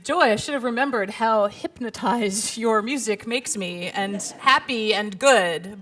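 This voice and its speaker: A woman minister, leading a Sunday worship service in a church sanctuary. She moves between chatty, self-deprecating remarks and a measured reading of poetry. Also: fairly high pitch, a bit bright.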